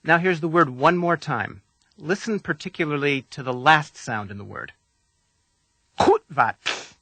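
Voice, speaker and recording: Male instructor, scripted lesson read, patient and deliberate, bright tone, dry booth sound. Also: fairly high pitch, dry recording. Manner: calm, deliberate, patient coaching. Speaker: language instructor.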